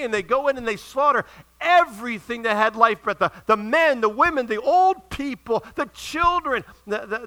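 A middle-aged male pastor preaching a sermon, retelling stories in a lively way and acting out the characters' lines. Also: very high-pitched, low-quality recording. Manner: animated storytelling with acted-out quotes.

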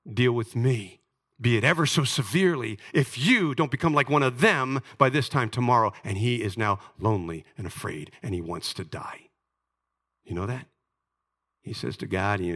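Male pastor, middle-aged, sermon, bright forceful voice, dramatic swings from loud to hushed. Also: mid-range voice.

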